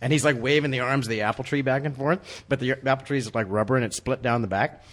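A man co-hosting a casual movie commentary podcast, telling stories with animated asides. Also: mid-range voice. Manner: animated, quick storytelling with put-on voices. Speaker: podcast co-host.

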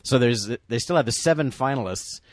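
A man's voice: medium pitch, lively intonation, fairly quick, no room sound. Middle-aged or older male co-host, chatty and rambling, lots of restarts, dry close recording. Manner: rambling storyteller, many restarts, acts out quotes loudly. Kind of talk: casual movie commentary chat.

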